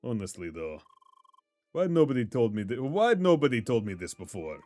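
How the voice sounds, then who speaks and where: A man voicing a weary, homesick young gamer, reading game dialogue in a low, subdued way. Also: big pitch swings, normal speed, dark tone, no room sound, natural voice. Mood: glum.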